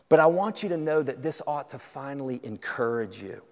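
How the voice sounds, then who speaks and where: Earnest Southern preacher in a hall. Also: male voice, medium pitch, animated, a little fast, hardly any pauses. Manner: earnest, swings from loud urgency to hushed intimacy. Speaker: pastor. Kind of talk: sermon. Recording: long hall reverb.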